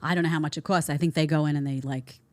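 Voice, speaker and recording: A woman hosts a commentary show, delivering blunt, sarcastic takes on viral videos. Her voice sits on the low side. The recording is dry, with almost no room sound. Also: steady tone, fast, no echo. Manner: blunt, sarcastic, mocks others in mimicking voices. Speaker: host. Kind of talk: opinionated commentary on viral clips.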